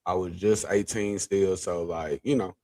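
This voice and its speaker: A man co-hosting a podcast, talking in a relaxed, reflective way and asking his co-host questions. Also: low voice, a little slow. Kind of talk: casual chat.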